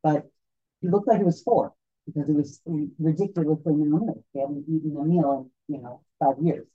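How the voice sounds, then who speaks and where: Woman, storytelling guide, halting with many restarts, mellow warm tone, dull lo-fi sound. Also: low-pitched, husky. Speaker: tour guide. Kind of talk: telling a story to a group. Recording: dull lo-fi recording.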